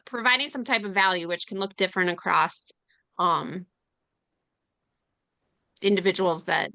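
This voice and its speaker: Bright-voiced chatty woman. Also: on the low side, no echo. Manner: chatty and animated, acts out quoted voices. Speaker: sales webinar panelist. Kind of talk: casual webinar talk.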